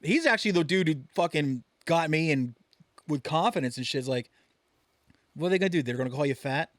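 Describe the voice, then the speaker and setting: A man's voice: fairly high pitch, brisk, no echo. A man co-hosting a podcast, telling crude stories in casual chat and acting out the voices of the people in them. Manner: profane, animated storytelling with acted-out voices. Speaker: podcast co-host.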